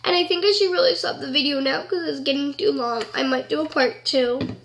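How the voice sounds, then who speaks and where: A woman's voice: high-pitched, brisk, creaky, fairly bright tone. A woman vlogger talking casually to camera, earnest and rambling with lots of "like".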